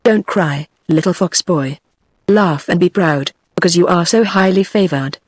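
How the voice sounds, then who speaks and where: A woman's voice: lowish voice, unhurried, breathy edge, no echo, studio quality. A text-to-speech woman's voice with a British English accent reading the lines of a vain, pompous male fox king in a storybook. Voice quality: even synthetic read-out.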